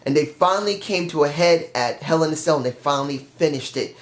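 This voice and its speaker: Emphatic man pitching a storyline. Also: brisk. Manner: earnest, emphatic, repeats himself. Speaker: wrestling fan pitching a storyline. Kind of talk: casual fantasy-booking monologue. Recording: roomy echo.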